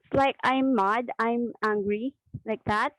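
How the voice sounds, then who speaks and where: Woman, trainee, hesitant, slow speech, dry video call audio. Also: a little high, steady tone, fairly bright tone, no echo, poor audio. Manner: hesitant, many fillers, laughs nervously. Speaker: trainee asking a question.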